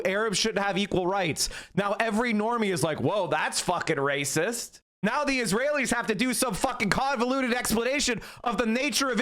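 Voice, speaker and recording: A man's voice: very high-pitched, a bit bright. A man streaming live political commentary, heated and profane, berating his chat.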